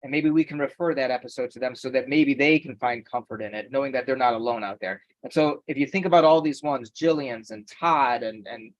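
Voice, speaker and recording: A man's voice: medium pitch, a little fast, hardly any pauses, no echo, lo-fi sound. A man talking earnestly and at length as a podcast guest. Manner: earnest and talkative. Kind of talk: casual podcast conversation.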